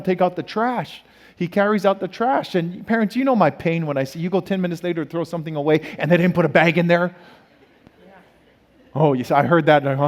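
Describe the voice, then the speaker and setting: A middle-aged man, a guest pastor, preaching a sermon and telling a family story that builds into animated exasperation. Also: mid-range voice. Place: church auditorium. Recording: church hall reverb.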